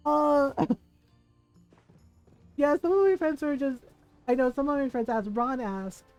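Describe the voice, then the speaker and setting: A woman streaming a game and chatting casually, telling animated stories with frequent laughs and lots of "like" fillers. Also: high voice, slow, no echo, faint music behind. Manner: animated storyteller, laughs often, many "like" fillers. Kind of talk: casual chat while playing a game.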